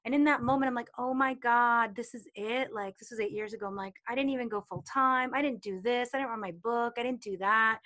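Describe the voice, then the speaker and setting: A woman's voice: fairly high pitch, fairly even intonation, a little fast, hardly any pauses, bright, forceful tone. A woman coaching on intuition in a casual teaching talk, expressively acting out inner voices and quoted people. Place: online community replay session.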